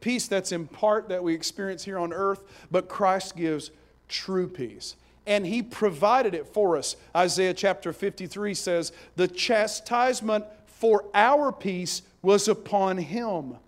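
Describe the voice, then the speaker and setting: A man preaching a sermon, swinging between hushed passages and loud emphatic ones. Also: high voice, slow pace. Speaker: pastor.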